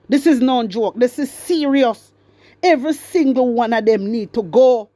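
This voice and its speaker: A Jamaican woman in middle age delivers a fiery political rant as host of her commentary show. Her voice sits high, and the recording is dry and close. She hammers her points with repeated questions and talks straight to her listeners. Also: normal speed, dark tone, no echo. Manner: fiery, repetitive, addresses listeners directly.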